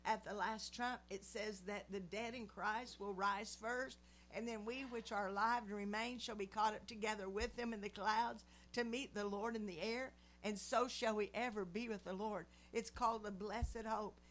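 A woman's voice: mid-range voice, steady tone, normal speed, a bit bright, slight background noise. A woman in her seventies praying and giving an earnest devotional teaching. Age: 70s. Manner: earnest, preacherly. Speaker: Christian speaker.

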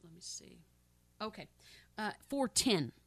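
A woman preaching a sermon with fervent, repetitive emphasis, swinging between loud exclamations and soft pleading prayer. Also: medium pitch, big pitch swings, unhurried, slightly rough, no room sound. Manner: fervent, repetitive, addresses listeners as saints.

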